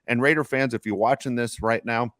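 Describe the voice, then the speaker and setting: A man's voice: medium pitch, steady tone, brisk, a bit bright, dry recording, studio quality. A man co-hosting a sports podcast, talking football in an emphatic, opinionated, rambling way. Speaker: podcast co-host. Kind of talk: casual sports talk.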